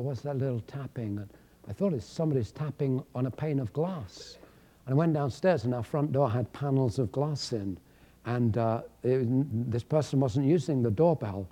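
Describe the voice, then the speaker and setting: A male pastor from England preaching a sermon, swinging between loud emphatic declarations and quiet storytelling. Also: medium pitch, normal speed.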